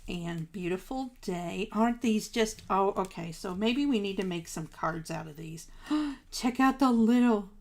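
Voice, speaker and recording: A woman's voice: mid-range voice, measured pace, darkish tone. A woman hosting a live crafting stream, chatting casually with viewers, gushing over supplies and laughing at herself. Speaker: craft livestream host.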